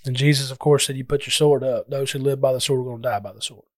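A man's voice: mid-range voice, steady tone, fast, dry recording, clean studio sound. A man preaching a Bible lesson, reading scripture in an earnest, emphatic way.

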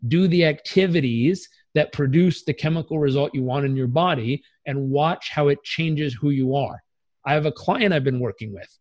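A man coaching as a podcast guest, telling stories in an energetic, emphatic and casually profane way. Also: fairly high pitch, moderate pace, dull audio. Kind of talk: podcast interview storytelling.

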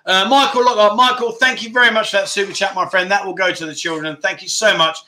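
Chatty livestream host, bright voice. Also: male voice, high voice, steady tone, fast. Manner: chatty, rambling, reads out viewer messages and tells anecdotes. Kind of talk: casual livestream chat reading viewer comments.

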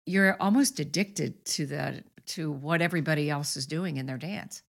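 Low-voiced woman in earnest podcast chat. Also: moderate pace, gravelly. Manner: earnest, repeats words when starting sentences. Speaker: podcast host and author.

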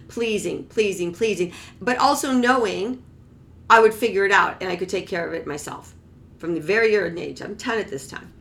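A woman's voice: mid-range voice, moderate pace, creaky, fairly bright tone. A woman telling a personal story in a rambling, casual way, with many restarts and exasperated asides. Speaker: storyteller recounting her childhood.

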